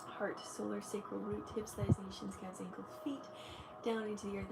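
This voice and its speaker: A young woman, an energy healer, guiding a meditation in a soft, slow voice on a live stream. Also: mid-range voice, level tone, creaky, heavy background noise. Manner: bubbly and gushing when chatting. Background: music playing.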